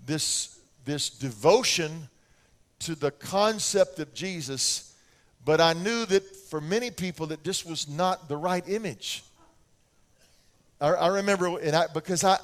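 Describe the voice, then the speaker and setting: A man's voice: on the high side, clear, resonant tone. An older American man preaching a sermon, telling stories and acting out little scenes with his children's voices. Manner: animated storytelling, acts out voices of his kids.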